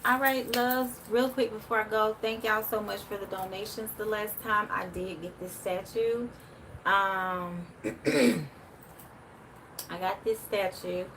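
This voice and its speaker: Chatty woman, bright voice. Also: mid-range voice, a little hiss or hum, poor audio. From Memphis, USA. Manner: chatty, reads viewer comments aloud. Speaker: spiritual livestream host. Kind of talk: casual livestream chat.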